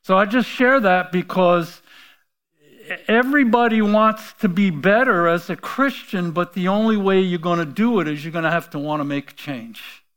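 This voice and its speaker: A man's voice: sits high, moderate pace, a bit bright, clean tone. A man preaching an informal sermon in a rambling, folksy way, chuckling between points. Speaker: pastor.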